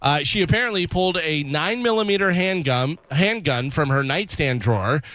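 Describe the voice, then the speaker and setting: A man's voice: on the high side, lively intonation, normal speed, a bit bright, no room sound. Wry man reading radio news. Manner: casual, wry, tells jokes. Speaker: news segment host.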